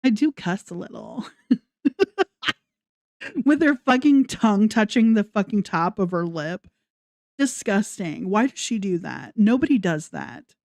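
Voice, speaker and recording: A woman's voice: medium pitch, animated, slow pace, long pauses, a little mellow, no echo, studio quality. A woman ranting in a casual commentary vlog, sarcastic and mocking, swearing often. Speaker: commentary vlogger.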